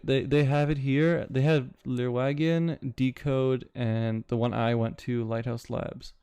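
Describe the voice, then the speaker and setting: Young man, casual stream chat, warm smooth voice, rambling. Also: medium pitch, dry recording. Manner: rambling, swears casually, reads chat aloud. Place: home, city with bootcamps he attended.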